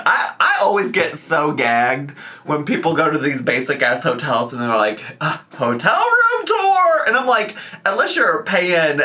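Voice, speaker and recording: A man's voice: mid-range voice, bright, forceful tone. A man with a Southern accent giving sassy, campy reaction commentary. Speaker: reaction video host.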